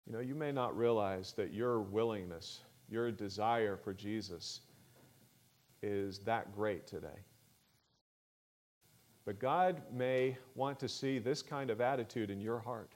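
A man preaching a sermon in an earnest, measured way, growing louder on the words he stresses. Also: on the low side.

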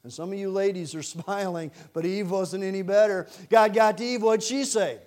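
A male pastor preaching a sermon, lively and animated, asking the congregation direct questions. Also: high-pitched, moderate pace, hardly any pauses. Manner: animated, acts out scripture quotes in character voices.

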